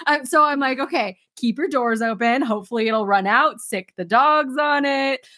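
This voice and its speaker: Woman podcast co-host, teasing, quick to laugh, slightly high voice, dry close mic. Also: a bit bright, dry recording. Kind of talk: casual chat.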